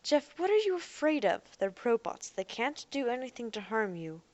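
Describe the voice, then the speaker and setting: A woman voicing a young woman who talks calmly and coaxingly to keep someone talking. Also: on the high side, moderate pace, muffled recording, pitched above the performer's own voice. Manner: soothing, coaxing. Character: young woman, calm and persuasive.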